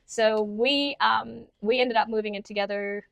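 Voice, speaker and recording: A woman's voice: a little high, fairly even intonation, measured pace, vocal fry, fairly bright tone, no room sound. A woman guest, an herbalist and business owner, chatting in an interview and telling stories with acted-out quotes. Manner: chatty storyteller, acts out quoted voices. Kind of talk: casual interview chat.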